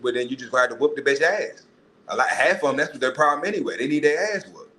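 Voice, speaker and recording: A man hosting a podcast, ranting in a profane, animated way and putting on mocking voices. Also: mid-range voice, quick pace, slight background noise, poor audio. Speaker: podcast host. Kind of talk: casual monologue.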